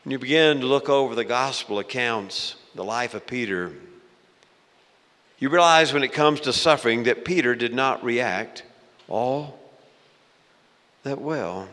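A male pastor preaching a sermon in a church, dramatic and swinging between loud and hushed. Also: mid-range voice, measured pace, pauses often. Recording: long hall reverb.

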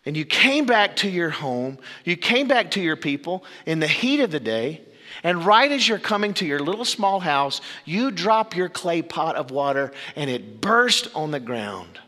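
A male pastor preaches a sermon, his voice high and bright. He moves through dramatic pauses and sudden drops to low, quiet phrases. A long reverb from a big church hall rings behind him. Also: very animated.

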